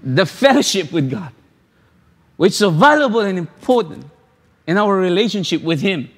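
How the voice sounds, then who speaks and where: A man with a high-pitched voice preaches a sermon, driving home his points with repeated phrases and rhetorical questions. He often stumbles and restarts before going on. His voice carries a long reverb, as in a church sanctuary. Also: sing-song, moderate pace, fairly bright tone. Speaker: pastor.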